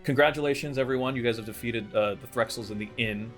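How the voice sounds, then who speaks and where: Low-voiced man running a tabletop game. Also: completely flat delivery, brisk, a bit bright, faint music behind. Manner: hesitant, many fillers and restarts. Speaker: game master. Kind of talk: narrating and ruling a tabletop game.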